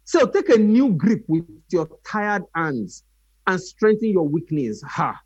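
A man's voice: high voice, takes it slowly, husky, no echo, muffled recording. A man preaching a sermon, telling stories animatedly and acting out voices. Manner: animated storytelling with acted voices.

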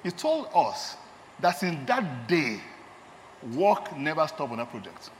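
Animated Nigerian man preaching in a hall. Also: fairly high pitch, slow pace, a little hiss or hum. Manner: emphatic, repeats key phrases. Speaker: lay preacher and doctor. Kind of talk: sermon. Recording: long hall reverb, faint ambience.

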